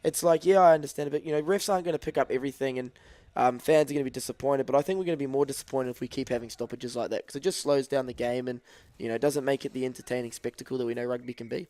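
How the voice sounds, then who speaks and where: A man co-hosting a rugby podcast, measured and analytical, talking through tactics at length. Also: medium pitch, a little mellow, dry recording. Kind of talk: live watch-along sports podcast chat.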